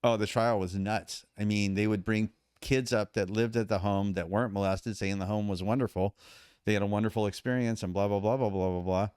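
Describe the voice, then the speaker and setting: Guest voice: emphatic middle-aged man, low and smooth, dry close sound. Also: fairly quick, no echo. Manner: emphatic, animated retelling with quoted dialogue. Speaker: podcast guest. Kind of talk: storytelling in conversation.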